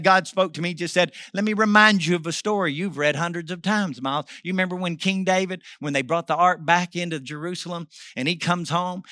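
A middle-aged pastor preaching with an animated delivery that swings between loud calls and near-whispered asides. His voice sits fairly high and rings very bright. It sounds dry and close, with almost no room around it. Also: no echo. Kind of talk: sermon storytelling.

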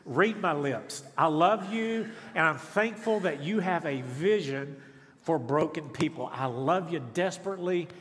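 Speaking at normal speed in an animated, high-side voice, a middle-aged man preaches as a guest in a church sanctuary. His folksy, self-deprecating humor draws congregation responses, heard through long church reverb and slight background noise.

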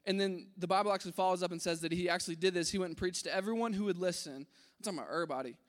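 A man preaching a casual sermon to a room, animated, acting out voices in his story and dropping to a hush at key points. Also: high voice, rapid-fire, in a large hall. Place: large room with an audience.

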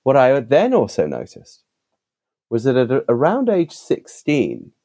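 Emphatic man with a mellow, lowish voice. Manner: animated, emphatic, with vivid asides. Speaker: podcast guest, author. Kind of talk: conversational storytelling.

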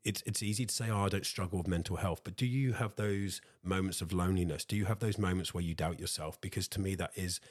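A very low-pitched man chatting away on his own podcast, talkative and casual, often calling his listeners guys. His voice is close and dry, with no room sound around it. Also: quick pace, hardly any pauses, no echo. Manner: talkative, addresses listeners as guys, repeats himself. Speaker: podcast host. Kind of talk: solo motivational podcast chat.

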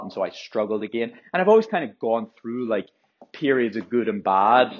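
A young man hosting a solo podcast, worked up and rambling with frequent swearing and restarts. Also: medium pitch. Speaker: podcast host, runner. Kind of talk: casual solo podcast monologue. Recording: dull lo-fi audio.

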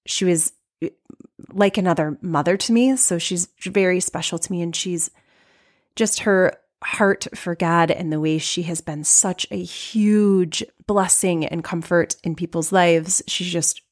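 Sad, reflective woman podcast host. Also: lowish voice. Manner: open, reflective, with many restarts and soft laughs. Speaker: podcast host and life coach. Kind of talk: personal podcast monologue.

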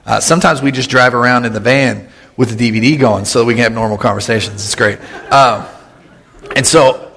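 Joking pastor in a reverberant church. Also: male voice, mid-range voice, fairly even intonation, a bit bright. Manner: joking, conversational, with quick asides and laughs. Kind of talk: casual humorous sermon. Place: church sanctuary. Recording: long hall reverb in a church.

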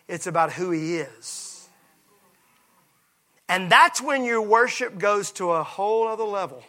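Preacher guy, high bright voice, goes quiet then shouts, fired up sermon. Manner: passionate preaching, swings from soft to shouting. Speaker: pastor.

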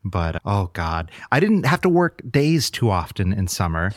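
A man with a low voice talks on a podcast in a relaxed, easygoing way, chuckling and adding quick remarks. His voice sounds close and dry, with no room echo. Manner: laid-back, chuckles along, short replies. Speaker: podcast co-host. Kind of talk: casual chat.

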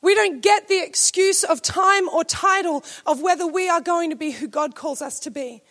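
A woman preacher delivering a sermon to her church, emphatic and at times rising to shouted declarations. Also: extremely high pitch, moderate pace.

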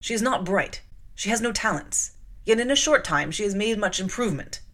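A woman reading the lines of a brusque, imperious middle-aged gentleman in a gruff, clipped, demanding way, in an audiobook. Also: mid-range voice, animated, fairly quick, voice pushed up, close to an everyday voice.

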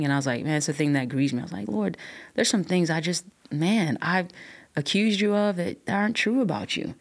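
A woman guest on a podcast, talking with passion and emphasis as she shares her faith story. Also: low voice. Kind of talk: casual podcast conversation.

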